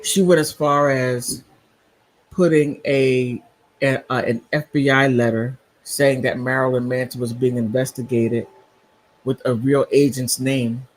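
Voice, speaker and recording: A man's voice: medium pitch, fairly even intonation, a little slow, rough recording. A man hosting a casual live stream, rambling through commentary and reacting to viewer comments. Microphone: computer mic on a streaming app.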